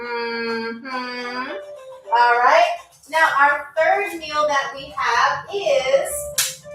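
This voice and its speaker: High-voiced playful woman game show host. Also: a bit bright, reverberant, recorded from a distance, poor audio. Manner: playful, chatty, addresses viewers as y'all. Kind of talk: live-stream game show hosting.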